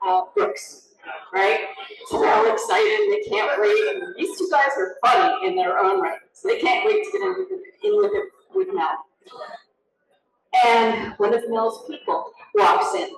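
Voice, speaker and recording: A woman tells stories at a memorial tribute, bringing the people she quotes to life with their own voices. Her voice sits a little high and swings widely in pitch. She is picked up from some distance in a room with a lot of echo. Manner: animated, acts out quoted voices. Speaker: tribute speaker. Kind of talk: anecdotal storytelling at a memorial. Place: event room.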